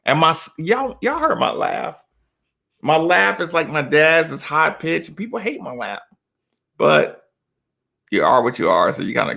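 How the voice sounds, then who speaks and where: Gravelly man telling loose basketball stories. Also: on the high side, sharp tone. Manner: loose, slangy storytelling with lots of asides. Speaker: former college basketball player, podcast guest. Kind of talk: casual storytelling chat.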